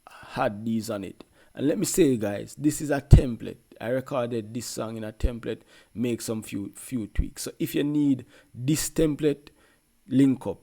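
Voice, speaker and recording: Jamaican guy explaining his mix, low gravelly voice, laid-back, keeps saying you know what i mean. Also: warm tone. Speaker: music producer. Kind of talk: casual tutorial walkthrough.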